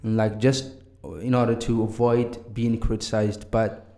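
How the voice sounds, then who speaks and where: A man talking in a casual podcast chat, stopping and restarting often as he searches for words in a language that is not his first. His voice is dark and mellow, and it rings in a roomy space. He keeps a plain, steady pitch. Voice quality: halting, repeats words. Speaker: podcast co-host.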